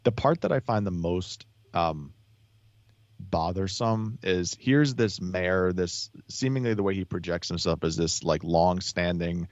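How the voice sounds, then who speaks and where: A man with a very deep voice talks loosely as a podcast guest, restarting his sentences again and again. The recording is dull and lo-fi, dry with no room sound. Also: no room sound. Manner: rambling, many restarts and fillers. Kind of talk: casual podcast chat.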